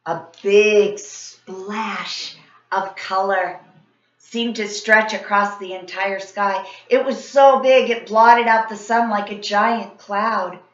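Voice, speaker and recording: Female teacher, expressive children's read-aloud; echoey, slightly muffled recording. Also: mid-range voice, slow pace. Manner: expressive, animated storytelling. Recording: roomy, slightly dull sound.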